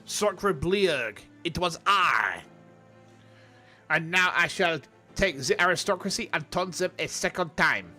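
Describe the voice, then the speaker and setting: A man's voice: on the high side, expressive, takes it slowly, soft background music, exaggerated voice. A man hamming up a pompous French revolutionary. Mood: grandiose. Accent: put-on French. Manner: loud, grandiose, hammy.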